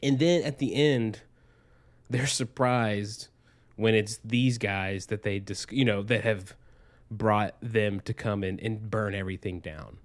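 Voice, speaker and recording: A man's voice: on the low side, slow pace, no echo. A man co-hosting a casual podcast, talking loosely with lots of "like" and easy agreement. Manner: relaxed, lots of "like" and agreeing backchannel. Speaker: podcast co-host. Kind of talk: casual movie chat.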